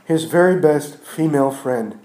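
A man preaching a sermon in a church. He builds phrases with repetitions and restarts, and swings from loud emphatic peaks down to near-hushed passages. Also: on the high side, unhurried. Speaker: pastor. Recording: echoey room.

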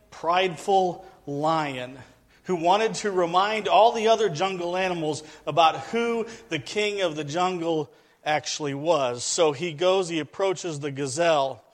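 Man preaching a sermon, slightly high voice. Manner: storytelling with a joke, earnest exhortation.

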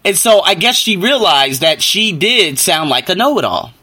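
Guy ranting on his podcast, kinda high bright voice, gets worked up telling stories. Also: moderate pace, breathy edge. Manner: animated storytelling, voice rises into exasperated rants. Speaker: podcast host. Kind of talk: solo podcast book review.

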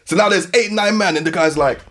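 A man in his thirties with a London accent, hosting a podcast and telling an animated story with frequent laughs. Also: sits high, fast. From West London. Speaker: podcast host. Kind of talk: casual storytelling chat.

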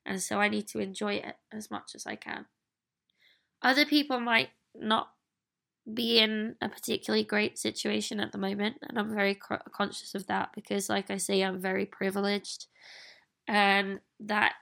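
A woman speaks in a candid, earnest solo podcast reflection. Her voice is bright and forward, with a gravelly fry at the ends of phrases. She sits at a middle pitch for a woman. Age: 30s. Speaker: podcast host.

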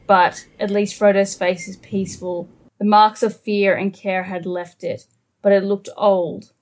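Animated woman co-hosting a book chat. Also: mid-range voice. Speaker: podcast co-host. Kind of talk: casual book discussion, reading aloud.

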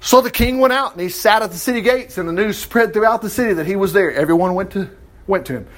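A man's voice: high voice, fast talker, fairly bright tone. A man reading a Bible passage aloud and breaking off into chatty, chuckling asides to his listeners. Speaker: Bible teacher. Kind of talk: Bible reading with off-the-cuff commentary.

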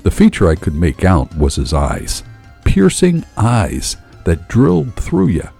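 A man tells a first-person tale with dramatic, profane flair. His low, mellow voice swings widely in pitch, and the sound is dry and close. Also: a little slow, gravelly, husky, faint music behind. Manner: animated, profane, dramatic storytelling. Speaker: storyteller. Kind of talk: first-person story narration.

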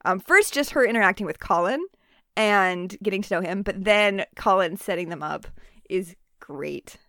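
A woman co-hosting a casual book chat, retelling scenes with quick acted asides. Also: medium pitch, a bit bright, no echo, studio quality. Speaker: podcast co-host.

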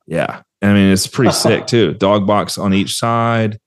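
A man hosting a casual interview, leading the guest with relaxed, drawn-out prompts. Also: fairly low pitch, no echo, clean studio sound. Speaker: podcast host.

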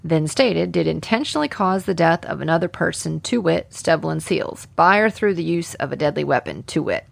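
A woman's voice: deep voice, expressive, vocal fry, no echo, heavily acted. Woman reading as a drawling Southern prosecutor. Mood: formal. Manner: formal, measured legal address. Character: male Southern district attorney, formal and earnest. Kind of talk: read courtroom opening statement.

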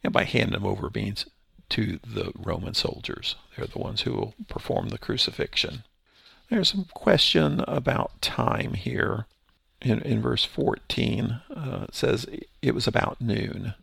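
A man's voice: on the low side, expressive, measured pace, fairly bright tone, no echo, studio quality. A man teaching through a Bible passage verse by verse, explaining in a conversational way with restarts. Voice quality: gravelly, husky voice.

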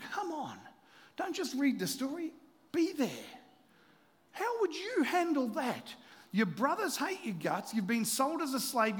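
A man preaching a sermon, animated storytelling that drops into quiet, confessional asides. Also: very high voice, in a large hall. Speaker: pastor.

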